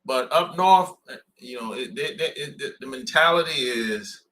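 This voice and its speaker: Blunt, animated man on a podcast. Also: medium pitch, normal speed, slight background noise. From southern United States. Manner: animated, blunt and slangy, laughs often. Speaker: podcast host. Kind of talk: casual podcast chat.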